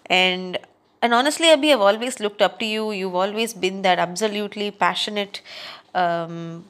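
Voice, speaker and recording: A young woman in a heartfelt birthday voice note, gushing with admiration. Her pitch is mid-range and her delivery warm in words and earnest throughout. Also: normal speed. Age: young adult. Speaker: friend leaving a birthday message. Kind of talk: recorded birthday voice message.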